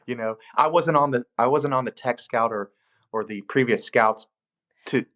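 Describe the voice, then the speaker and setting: In a casual interview, a film location manager swaps work stories, animatedly imitating the people he quotes. He speaks in a mid-range voice at a moderate pace.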